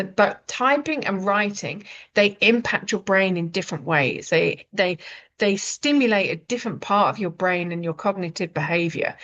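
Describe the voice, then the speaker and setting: A woman's voice: mid-range voice, a bit bright. A woman from Britain, an author and writing coach, talking casually and rambling with many fillers and restarts. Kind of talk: casual spoken talk. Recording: dull lo-fi sound.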